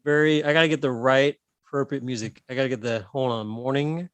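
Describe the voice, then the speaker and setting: A man in his thirties co-hosting a comedy podcast, telling animated stories and swearing freely. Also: medium pitch, a little fast, no room sound. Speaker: podcast co-host. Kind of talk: casual comedic chat.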